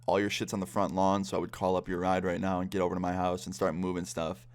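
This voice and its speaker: A young man voicing his betrayed best friend, blunt and swearing, in his own low voice. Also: level tone, quick pace, natural voice. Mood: angry.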